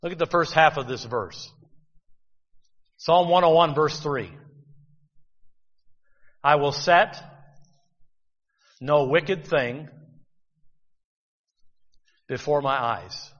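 A man's voice: a little high, very slow, long pauses, fairly bright tone, big-room sound, highs cut off. A man preaching a sermon, talking conversationally and asking rhetorical questions.

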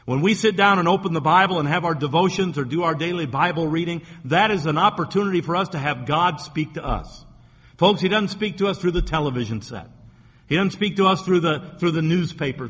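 A man's voice: a little high, a bit bright, slightly rough, big-room sound. A man preaching a sermon as pastor, talking earnestly with repeated words and rising emphasis.

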